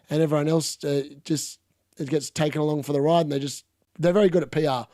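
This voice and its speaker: A man with an Australian-tinged English accent talks through a live football watch-along, chatty and blunt with casual swearing. His voice sits a little high for a man. The sound is dry and close. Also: a little mellow, no room sound. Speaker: fantasy football streamer.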